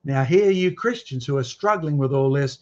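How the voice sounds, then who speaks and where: A man lectures a live audience from his slides, pressing his points hard and firing challenging questions at the room. His voice sits at an ordinary middle pitch. The recording sounds a little dull and lo-fi. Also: expressive, moderate pace. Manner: emphatic, quizzing the audience with provocative questions. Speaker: guest lecturer.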